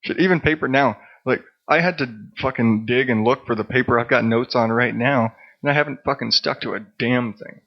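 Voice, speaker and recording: A man's voice: mid-range voice, a little fast, hardly any pauses, muffled recording. A man hosting his own podcast, talking casually in a rambling, profane, self-deprecating way. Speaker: podcast host. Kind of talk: casual solo monologue.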